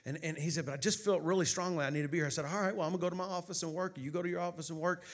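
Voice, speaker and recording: A male pastor telling a personal story in a sermon, swinging between hushed narration and loud, rising preaching. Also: a little high, steady tone, racing.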